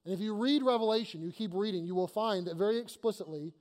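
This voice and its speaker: A pastor preaching an emphatic, energetic sermon to his congregation, repeating phrases for emphasis. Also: high voice, fast talker. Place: church sanctuary. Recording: long reverb of a church hall.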